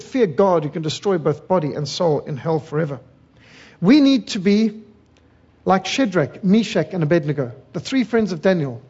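A man's voice: high voice, a little mellow, husky, lo-fi sound. A middle-aged man from South Africa preaching a sermon, fiery and emphatic, building rhythmic lists of words.

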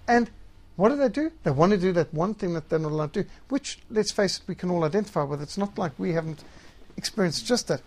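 A man's voice: sits high, expressive, fast talker, a little mellow. A man teaching systematic theology, reading scripture passages aloud and stressing key words. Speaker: Bible teacher.

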